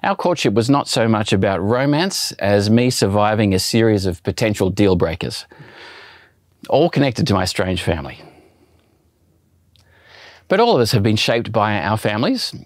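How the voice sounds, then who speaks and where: A man's voice: lowish voice, sing-song, normal speed, dry recording, studio quality. A man preaching a sermon in a chatty, self-deprecating storytelling way. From Australia.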